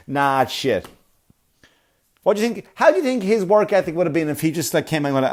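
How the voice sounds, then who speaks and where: A man hosts a solo comedy podcast with a voice of ordinary middle pitch. He rants in exasperated bursts, swearing freely and slipping into mocking voices for the people he quotes. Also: expressive, brisk, darkish tone. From Ireland. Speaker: podcast host.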